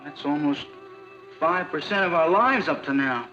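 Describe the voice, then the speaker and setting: An actor playing a jealous, earnest teenage boyfriend in a 1960s sitcom, sulky in manner. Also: male voice, a little high, normal speed, pushed and bright, dull audio, soft background music.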